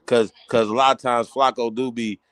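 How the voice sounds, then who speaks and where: Profane, excitable man hosting a podcast. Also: normal speed, dry recording. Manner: loud, profane, excitable, cracks high when riled. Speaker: host. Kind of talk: heated casual podcast talk.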